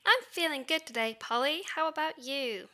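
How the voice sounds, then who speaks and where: Woman, live coding stream, bright and fairly high voice, thinking aloud, muttering. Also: expressive, moderate pace.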